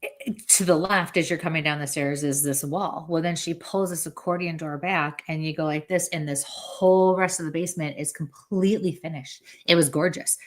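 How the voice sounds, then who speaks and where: A woman with a low, deep-set voice talks casually as a podcast guest. She is chatty and fills the story with little acted-out quotes, slipping into other people's voices as she goes. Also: fairly even intonation, moderate pace. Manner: chatty, acts out quoted dialogue. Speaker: psychic medium guest.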